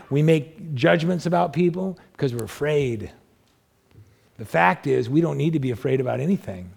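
A male pastor delivers a sermon with a strongly gravelly, creaky voice pitched a little high for a man. He talks to the congregation conversationally, throws out rhetorical questions and climbs higher in pitch when he stresses a point. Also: darkish tone.

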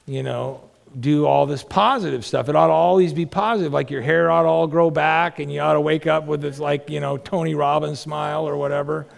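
A man's voice: fairly high pitch, creaky, long reverb tail. A man, a pastor, preaching a conversational sermon full of rhetorical questions.

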